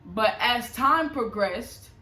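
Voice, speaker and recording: Young woman vlogger, casual and confiding, bright tone, echoey room. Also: on the high side, slow pace. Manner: slangy, animated, confiding. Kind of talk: casual storytelling to camera.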